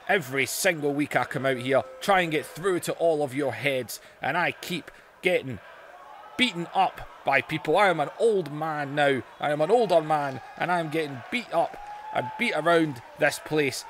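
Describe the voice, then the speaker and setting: A man impersonating an angry older male wrestling company boss who slowly scolds a crowd in a ranting wrestling video game promo. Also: a little high, fairly bright tone, slight background noise, lightly acted.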